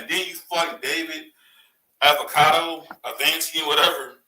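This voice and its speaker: A man hosting a boxing talk show, ranting in a casual, excitable way and firing off rhetorical questions. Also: a little high, moderate pace, echoey room, far from the mic, rough recording. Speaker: boxing commentary host. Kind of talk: casual opinion commentary.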